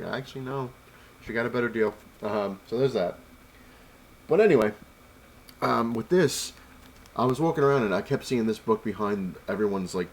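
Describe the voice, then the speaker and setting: A man's voice: fairly low pitch, a little hiss or hum. A man casually telling a long story to camera, rambling and retelling conversations with lots of "I was like", sounding annoyed as he complains. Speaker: vlogger.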